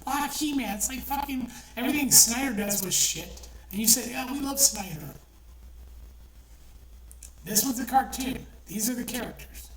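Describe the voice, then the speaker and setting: A woman's voice: on the high side, moderate pace. Middle-aged woman ranting, echoey and distant. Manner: heated, swearing, repetitive. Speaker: online commentator. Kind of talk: angry profane rant. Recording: echoey room, distant from mic, faint noise.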